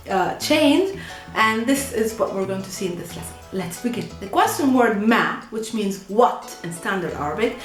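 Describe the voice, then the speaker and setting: A woman teaching a language lesson to camera in a lively way, laughing at her own slips. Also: a little high. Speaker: Arabic teacher. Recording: echoey room with faint music.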